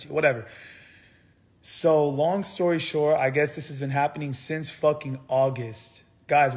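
A young man telling a heated story on a livestream, swearing often and repeating himself as he rants. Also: medium pitch. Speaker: streamer.

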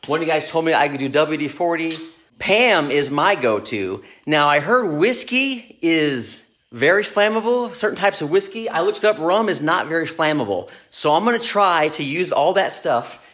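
A man talking in an unscripted vlog from his home garage, brash, loud and hyped, swearing constantly. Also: a little high, animated, normal speed. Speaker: mindset coach and vlogger. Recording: roomy garage echo.

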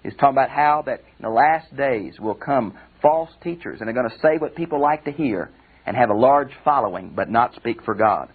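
A man's voice: mid-range voice, expressive, moderate pace, breathy edge. An older man, a pastor giving a conversational Bible commentary lecture and calling his listeners friends. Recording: tinny phone-like audio recording.

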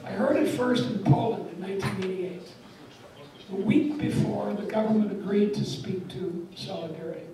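An older woman is guest lecturing in a lecture hall, mixing anecdotes and jokes with a wry, emphatic delivery. Her voice sits at medium pitch and moves at a normal speed, with a crowd audible behind her. The recording is echoey and captured from a distance.

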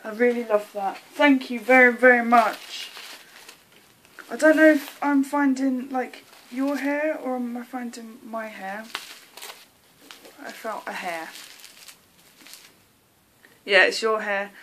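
A woman's voice: on the high side, a bit bright, a little hiss or hum. An English woman vlogging an unboxing, gushing with thanks in casual chat. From England.

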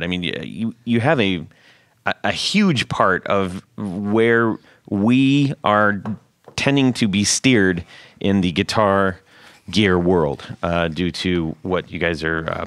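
A man's voice: fairly low pitch, a bit bright, no echo, studio quality. A man hosting a casual guitar gear podcast, joking and rambling, laughing often. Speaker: podcast host.

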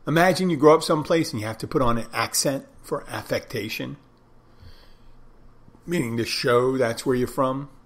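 In a relaxed solo podcast monologue, the male host meanders and digresses while thinking out loud. He has a medium-pitched voice and keeps a moderate pace.

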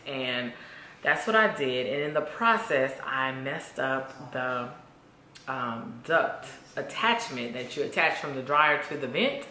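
A woman's voice: deep voice, pushed and bright, echoey room, a little hiss or hum. A woman vlogging casually to camera at home, candid and chatty. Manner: chatty, candid, says y'all a lot. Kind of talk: casual vlog chat to camera.

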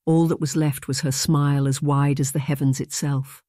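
An audiobook narrator reading a historical romance in a measured, even storytelling manner. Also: mid-range voice, no room sound, clean studio sound. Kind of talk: scripted narration.

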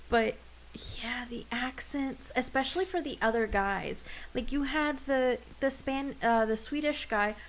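A young woman co-hosting a casual podcast, talking in an animated way and swearing now and then. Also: a little hiss or hum, low-quality recording. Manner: animated, swearing, jumps pitch when excited. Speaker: podcast co-host.

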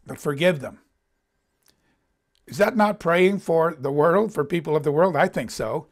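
A man delivers a Bible teaching in a conversational tone, his voice sitting a little high. He reads scripture passages aloud, then comments on them, lifting the quoted lines with extra emphasis. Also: a little slow, pauses often. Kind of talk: conversational sermon. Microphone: presenting in front of a board.

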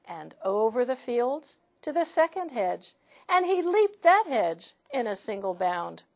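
A woman storyteller reading picture books aloud to children in an expressive voice. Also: fairly high pitch, unhurried, creaky.

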